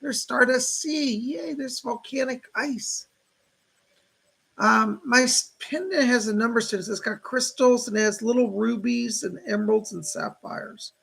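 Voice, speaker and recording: A man's voice: extremely high pitch, a little slow, gravelly, fairly bright tone, husky. A man hosting a casual livestream as a psychic, chatting to viewers and greeting names from the chat.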